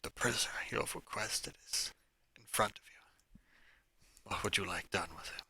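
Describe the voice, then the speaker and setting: A man's voice: low voice, level tone, a little slow, bright, forceful tone, breathy edge, heavily acted. A man voicing a deferential male underling in a faint whisper, as whispered role-play in a tabletop game. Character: murmuring male servant or underling.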